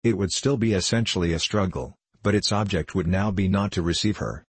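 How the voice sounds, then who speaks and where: A man reads a classic novel aloud in a measured, literary manner. His voice is very low and husky, and the recording is dry and close. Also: no echo. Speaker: narrator. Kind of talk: audiobook reading.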